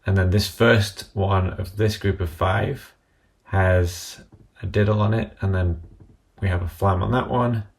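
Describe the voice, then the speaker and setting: This app tutorial is narrated over a screen recording by a man whose voice is very low and gravelly. Speaking at a measured pace with a voice-over quality, he calmly explains every step in sequence.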